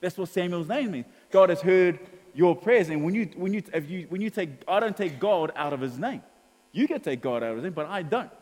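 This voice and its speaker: A pastor from New preaches in a relaxed, storytelling way. He acts out conversations and laughs along the way. His voice sits a bit high, and it rings out in a hall with long reverb. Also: a little fast. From New Zealand. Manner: chatty storytelling, acts out dialogue, laughs often. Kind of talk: sermon.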